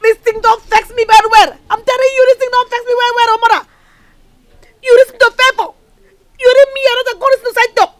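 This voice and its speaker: A woman's voice: very high voice, little pitch movement, fast, a bit bright, no echo. An actress with a Nigerian accent playing a headstrong, quarrelsome young village woman who slips into Pidgin. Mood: indignant. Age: young adult. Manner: quarrelsome, defiant, mixes Pidgin. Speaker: troublesome village daughter. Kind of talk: Nollywood film drama.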